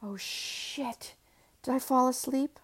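A woman's voice: high-pitched, slow pace, breathy edge, voice pushed up, full character voice. A woman voicing Ellie, a frustrated woman at a meeting, exasperated and swearing under her breath. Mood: groggy.

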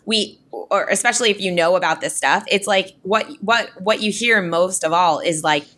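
A woman co-hosting a podcast, musing in a relaxed, reflective way and laughing easily. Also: lowish voice, normal speed. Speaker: podcast co-host. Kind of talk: casual chat.

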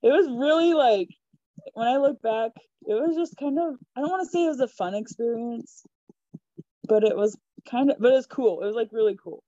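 A young woman telling a personal story in a chatty, giggly, animated way. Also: fairly high pitch, normal speed, no room sound, dull audio. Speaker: podcast guest. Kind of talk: casual storytelling.

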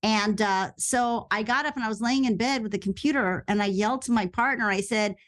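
A woman telling a story as a guest on an interview podcast, lively and quick, acting out the voices of people she quotes. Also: mid-range voice. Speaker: actress and radio host guest.

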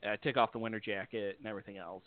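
A man from upstate New York hosting a podcast, telling a story in an easygoing, animated way. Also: on the low side, very fast. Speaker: podcast host. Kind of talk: casual chat, storytelling. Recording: dry, tinny phone-like line.

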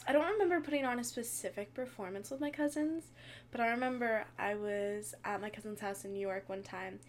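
A woman's voice: medium pitch, a little fast, a little hiss or hum. A young woman co-hosting a podcast, chatting casually and telling stories with lots of laughter. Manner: giggly, animated storytelling with acted quotes. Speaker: podcast co-host. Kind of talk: casual chat.

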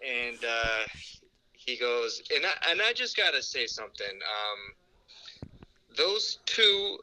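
A man's voice: medium pitch, animated, unhurried, pushed and bright. A man on a phone call, casually telling a rambling story with laughs and backtracks. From New York. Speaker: phone-in guest. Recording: phone line.

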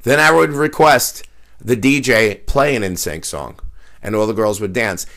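A man's voice: lowish voice, normal speed, fairly bright tone. A man telling a brash, profane anecdote in casual chat, acting out the lines of the people in it.

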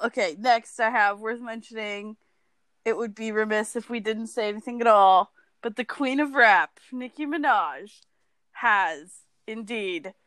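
A woman's voice: fairly high pitch, a bit bright, no room sound. A woman co-hosting a podcast in casual chat, gushing and laughing often. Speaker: podcast co-host.

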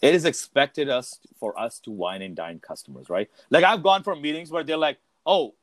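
A man in casual podcast chat, a salesperson talking in a relaxed way and laughing easily. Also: on the high side, normal speed, no room sound.

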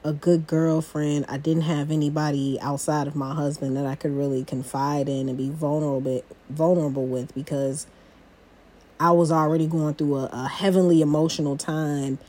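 Low-pitched young woman just talking to y'all on her podcast, chatty and open. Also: steady tone, normal speed, dark tone. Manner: chatty, confiding, talks straight to listeners as "y'all". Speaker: podcast host. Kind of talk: casual personal podcast talk.

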